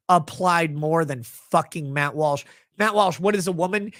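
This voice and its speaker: A man's voice: sits high, expressive, moderate pace, no echo. Furious ranting man, dry close sound. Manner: angry, mocking, swinging between shouting and muttering. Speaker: host reacting to clips. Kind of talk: profane reaction rant.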